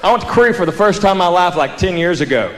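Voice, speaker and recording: A man with a Southern US accent doing stand-up comedy, telling stories animatedly, stretching out vowels and acting out characters. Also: high voice. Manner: animated storytelling, drawn-out vowels, acts out characters. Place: live comedy venue with audience. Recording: roomy hall with audience noise. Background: crowd laughter.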